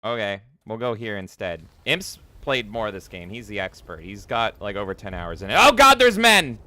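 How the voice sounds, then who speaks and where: A man's voice: lowish voice, normal speed, bright, forceful tone, no room sound. A man streaming a video game, giving rambling, casual commentary with frequent swearing and jokes. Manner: rambling, swears freely, jokey.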